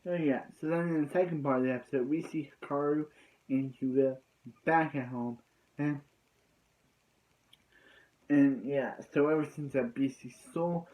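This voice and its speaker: A man's voice: mid-range voice, moderate pace, a little mellow, low-quality recording. A man giving a casual, rambling recap of an anime episode, leaning on filler words like "so yeah.".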